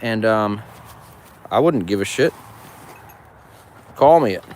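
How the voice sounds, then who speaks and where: A man's voice: lowish voice, expressive, slow pace, a little mellow. A man vlogging on his farm in crude, profane, joking casual chat. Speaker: farmer vlogger. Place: farm, outdoors with goats.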